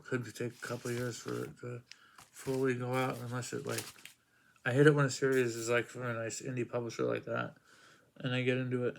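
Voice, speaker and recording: A man's voice: medium pitch, creaky. A man casually reviewing comic books, rambling through plot summaries with many fillers.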